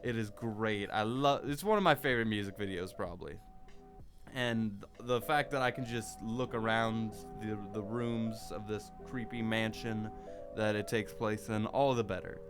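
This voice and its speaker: A man's voice: lowish voice, normal speed, over music. A young man chatting casually in a vlog about a favorite song, rambling with lots of "like" and some swearing. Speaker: vlogger.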